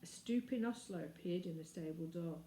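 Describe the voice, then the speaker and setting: Mellow-voiced woman reading a storybook. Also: fairly low pitch. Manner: measured, clear storytelling. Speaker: reader. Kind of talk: reading a children's novel aloud. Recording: roomy echo.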